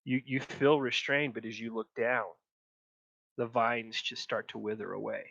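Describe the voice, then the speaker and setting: A man narrating a tabletop game as game master, slow and descriptive. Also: medium pitch, steady tone, gravelly, fairly bright tone, dry recording, highs cut off.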